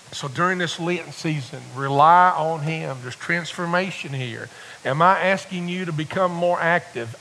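A man's voice: a little high, fairly bright tone, a little hiss or hum, low-quality recording. A middle-aged man preaching a sermon in a folksy, rambling storytelling way, full of restarts and building to fervent exhortation. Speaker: visiting preacher.

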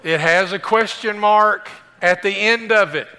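A man's voice: sits high, measured pace, bright, forceful tone, clean tone, big-room sound. A man preaching a sermon as pastor, with a conversational style and joking asides to the congregation.

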